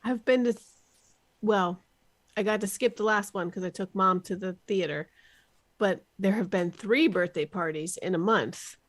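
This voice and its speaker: A woman's voice: mid-range voice, normal speed. A woman in her thirties, co-hosting a podcast, talking in a chatty, teasing way. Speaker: podcast co-host. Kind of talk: casual book discussion.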